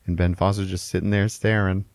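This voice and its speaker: A man with a low voice recaps a film in loose, profane chat and slips into the characters' lines as he goes. The sound is dry and close, with no room around it. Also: flat delivery, a little fast, darkish tone, dry recording. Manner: retells scenes with acted-out quotes and frequent swearing. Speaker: podcast host. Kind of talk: casual movie recap.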